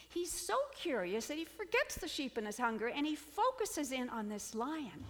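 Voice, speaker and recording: A woman preaching a sermon, telling a fable in an expressive storytelling manner with dramatic swings in volume. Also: high voice, moderate pace, hardly any pauses, in a large hall.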